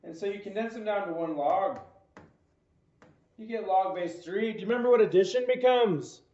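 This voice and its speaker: A man with a high, light voice teaches a math homework lesson. He keeps quizzing the listener with playful, jokey asides. The recording is dull and lo-fi, with an echo around him. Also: normal speed, darkish tone.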